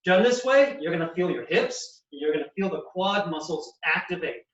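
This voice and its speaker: A high-voiced male physical therapist walks through knee exercises, explaining each movement as he demonstrates it. He sounds set back from the mic in an echoey clinic room. The audio is slightly dull and muffled. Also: moderate pace, a bit bright, recorded from a distance.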